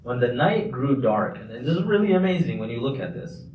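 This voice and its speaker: A man leads a community Quran lesson in a conversational, explaining way, often restarting his phrases. His voice sits at an ordinary middle pitch. The sound is roomy and picked up from a distance, with a faint hiss underneath. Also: very animated, fairly quick, muffled recording. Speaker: mufti teaching a class. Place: large mosque hall. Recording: echoey hall, distant mic, faint noise.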